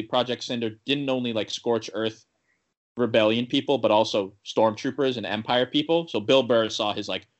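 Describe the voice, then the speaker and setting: In a mid-range voice, a young man recaps a TV episode as a podcast co-host, chatting casually. His account meanders with constant "like" fillers and false starts while he performs the characters' lines with animation.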